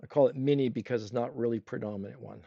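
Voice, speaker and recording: A man's voice: mid-range voice, quick pace, creaky, mellow, no room sound, highs cut off. A man teaching a livestream painting demo, chatting with his viewers and asking them questions as he paints. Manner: talks with a brush in his mouth at times. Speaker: art instructor.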